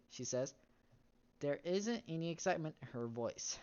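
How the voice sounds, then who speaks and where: A low-pitched woman reads a story game aloud, now and then stopping to add wry remarks. Her voice comes through a dull, muffled home mic. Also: expressive, normal speed, a little mellow. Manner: reads text aloud, breaks off into wry comments and laughs. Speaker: game streamer.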